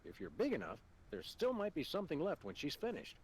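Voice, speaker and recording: A man voicing a dry, deadpan dog detective in a comedy adventure game. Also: a little high, a little fast, slight background noise. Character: deadpan anthropomorphic dog detective, adult male.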